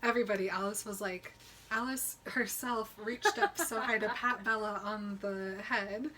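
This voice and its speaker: A woman's voice: mid-range voice, fairly even intonation, normal speed, pushed and bright, a little hiss or hum. A woman co-hosting a podcast, chatting casually and laughing as she recaps a book and mock-quotes its characters. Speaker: podcast co-host.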